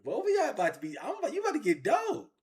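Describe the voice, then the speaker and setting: A man telling his own story in an interview, animated and repetitive, with heavy street slang. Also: very high-pitched, very fast. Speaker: interview guest.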